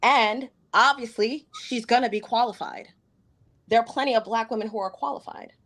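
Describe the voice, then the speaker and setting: A woman's voice: on the high side, normal speed, a bit bright. A woman co-hosting a podcast in casual chat, questioning others and arguing her view firmly. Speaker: podcast co-host.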